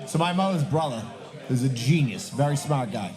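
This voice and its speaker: A man's voice: medium pitch, expressive, a little slow, over music. A man, co-hosting a podcast live from a bar and telling loose, profane stories to friends. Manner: profane, joking, loose storyteller. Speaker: podcast co-host. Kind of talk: casual storytelling among friends.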